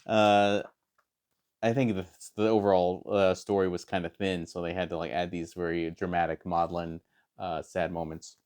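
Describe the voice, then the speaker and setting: A man with a very low voice chats casually as he reviews a comic book. He rambles and hesitates, restarts his sentences, and fills pauses often. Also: little pitch movement, a little mellow, smooth. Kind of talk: casual chat.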